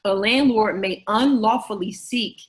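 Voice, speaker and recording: Woman presenter, measured explaining, webinar lesson, mid pitch. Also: poor audio. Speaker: fair housing presenter. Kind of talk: webinar lecture.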